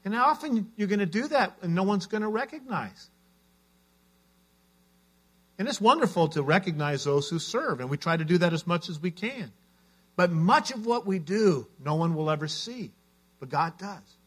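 Man, pastor, earnest storytelling sermon, slightly raised pitch. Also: animated, normal speed, fairly bright tone, slightly rough.

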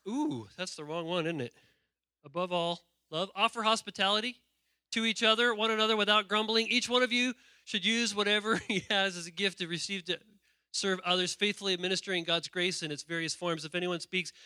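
A man preaching a lively sermon, reading scripture aloud with playful asides and calling on the congregation to respond. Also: high voice, a little fast, smooth, no echo, clean studio sound. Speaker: pastor.

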